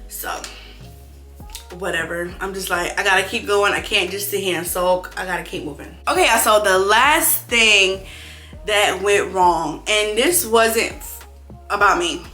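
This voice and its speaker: A young woman who owns a clothing brand vlogs casually about her small business, her medium-pitched voice bright and forceful. She's animated, swears freely, and acts out her own frustrated thoughts as she relives them. The room is echoey, with faint music underneath.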